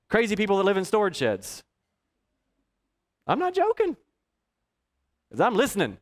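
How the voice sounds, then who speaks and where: A man preaching a sermon, telling personal stories and chuckling often. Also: high-pitched. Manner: chuckles often, lively storyteller. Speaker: pastor.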